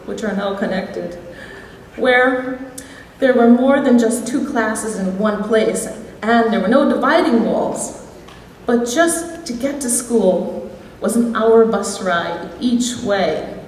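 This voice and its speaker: Midwestern woman, alumni inductee, warm anecdotal speech, fairly high voice, echoey far-off hall sound. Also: a little hiss or hum. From Wisconsin, USA. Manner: reflective, anecdotal, gently humorous. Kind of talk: prepared award speech. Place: large school hall.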